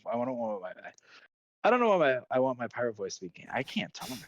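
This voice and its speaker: A man's voice: medium pitch, fast talker, lo-fi sound. A man playing a tabletop role-playing game, joking about himself and laughing with the group. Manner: animated, self-mocking, laughs. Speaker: player. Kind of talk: casual chat during a tabletop game.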